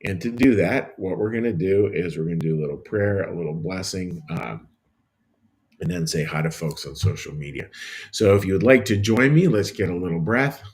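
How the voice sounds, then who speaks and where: A middle-aged man with a somewhat low voice leads a meditative livestream devotional as pastor. He speaks gently and unhurriedly, wandering through his thoughts and restarting sentences as he reads out viewer comments. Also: normal speed.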